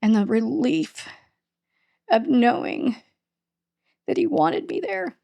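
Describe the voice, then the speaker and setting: A middle-aged woman, a podcast host being interviewed, recounting a painful family loss in a halting, emotional way. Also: on the high side, sing-song, creaky, mellow. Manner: halting, restarts and voice breaking with emotion. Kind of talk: emotional personal storytelling in an interview.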